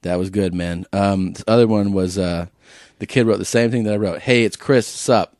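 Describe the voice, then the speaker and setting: A man hosting a podcast in casual chat, telling an animated story and reading texts aloud in put-on voices. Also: sits low, a little fast, no room sound, studio quality. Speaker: podcast host.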